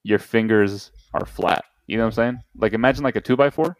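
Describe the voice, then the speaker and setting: Young male co-host, low and gravelly, playful teaser. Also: fairly quick, no room sound, rough recording. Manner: joking, teasing, tries silly accents. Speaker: podcast co-host. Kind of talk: casual chat.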